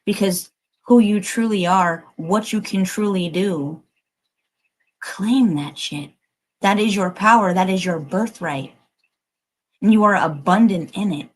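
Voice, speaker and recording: A woman's voice: mid-range voice, measured pace, long pauses, rough recording. Emphatic, encouraging woman tarot reader. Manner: emphatic, encouraging, swears casually; emotional. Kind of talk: livestreamed collective card reading.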